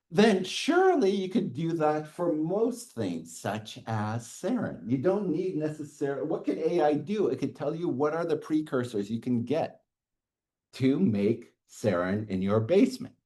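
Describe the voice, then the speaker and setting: Lively man lecturing a class. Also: a little high. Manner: lively, chuckles often, checks in with "okay". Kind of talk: university lecture.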